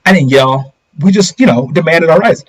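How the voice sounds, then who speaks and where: A man's voice: on the high side, moderate pace, slightly rough, poor audio. A middle-aged man hosting a casual political commentary livestream, talking straight to viewers and asking them rhetorical questions.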